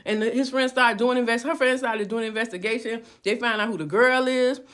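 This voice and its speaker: A woman's voice: on the high side, fairly even intonation, a little fast, fairly bright tone. A woman casually telling a dramatic story to her viewers, chatty and repetitive, acting out what people said. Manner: chatty retelling with repeated words and acted quotes.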